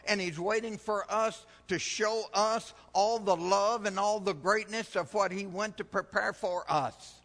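A middle-aged man preaches slowly and emphatically, his high voice lifting and dropping for effect. His tone is bright and his storytelling folksy. The sound rings with the long reverb of a church hall. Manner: emphatic, dramatic swings in pitch and loudness. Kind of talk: sermon with joke.

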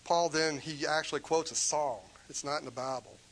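A man's voice: a little high, steady tone, normal speed, fairly bright tone, poor audio. A man preaching a sermon in an impassioned, emphatic way, pressing his points with rhetorical questions.

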